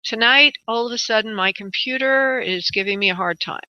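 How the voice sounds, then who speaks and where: A woman hosts a call-in psychic radio show, chatting in a rambling way and calling her callers honey and darling. Her voice is bright and ringing. The sound is dull and lo-fi, recorded dry and close with no room echo. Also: on the high side, normal speed, clear, resonant tone. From United States. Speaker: psychic medium radio host. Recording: dull lo-fi internet radio audio.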